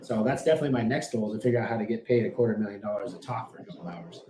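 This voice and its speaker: A man's voice: fairly low pitch, racing. A man talking casually as a podcast guest, telling brash, profane, boastful stories. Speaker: podcast guest, business owner. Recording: echoey room with noise.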